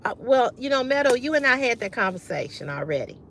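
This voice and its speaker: A woman's voice: fairly high pitch, big pitch swings, quick pace, fairly bright tone, a little hiss or hum. A woman hosting a casual livestream, talking bluntly and with profanity straight to her viewers in a style. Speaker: livestream host.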